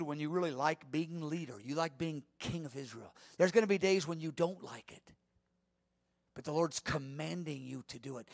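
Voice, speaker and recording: A man preaching a sermon as a Bible teacher, telling the story with animated swings from soft to emphatic. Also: high-pitched, no room sound, clean studio sound.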